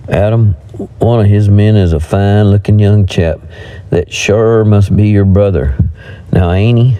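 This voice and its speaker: Folksy old-timer of the frontier, homespun drawl, low and dark, read by a male narrator in a western audiobook. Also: steady tone, measured pace, smooth, lightly acted.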